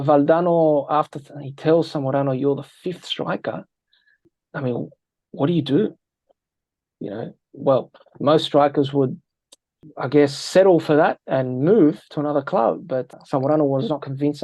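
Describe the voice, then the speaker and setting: A man on an interview, a football analyst, telling lively anecdotes and acting out quoted lines. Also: medium pitch, no room sound. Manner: energetic, tells anecdotes with quoted dialogue. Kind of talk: animated storytelling interview.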